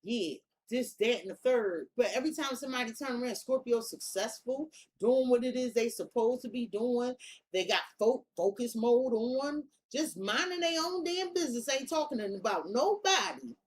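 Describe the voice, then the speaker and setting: Blunt, high-voiced woman reading tarot. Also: normal speed, slight background noise. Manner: blunt, profane, slangy and emphatic. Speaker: tarot reader. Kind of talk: casual tarot reading monologue.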